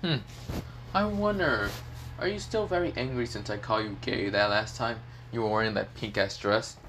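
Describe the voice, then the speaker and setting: A man's voice: on the low side, fairly quick, fairly bright tone, slight background noise. A young man narrating an improvised fan story, rambling with many fillers and swearing.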